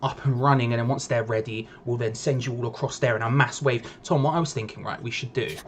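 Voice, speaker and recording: A man's voice: mid-range voice, steady tone, quick pace, slight background noise. A young man, casually co-hosting a live football watch-along in a playful, repetitive way. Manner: chatty, playful, repeats himself for effect. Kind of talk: casual live-stream chat.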